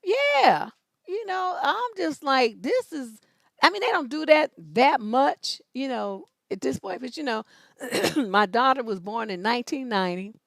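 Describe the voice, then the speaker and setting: Loud cussing woman in her fifties, high voice, gravelly, dry close sound. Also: very animated, a little slow, no room sound. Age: 50s. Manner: loud, profane, fiery and emphatic. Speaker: advice show host. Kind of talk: blunt profane storytelling.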